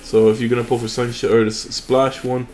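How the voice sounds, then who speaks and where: A man's voice: mid-range voice, level tone, fairly quick, darkish tone, a little hiss or hum. A young man hosting a mobile game channel, chatting casually and rambling with fillers and restarts over his gameplay.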